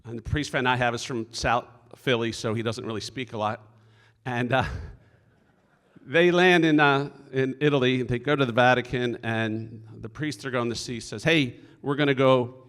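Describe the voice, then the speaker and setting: A man's voice: medium pitch, steady tone, normal speed, fairly bright tone. A middle-aged man, a deacon, telling stories in a folksy, earnest sermon at a conference. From Philadelphia area. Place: conference hall stage. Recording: echoey hall.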